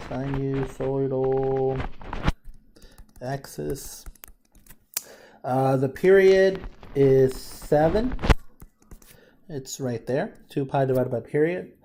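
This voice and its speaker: A man's voice: mid-range voice, lively intonation, slow, long pauses, noisy background. A man teaching a math lesson, thinking aloud casually as he works problems and addresses the class as guys. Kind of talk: informal lesson walkthrough.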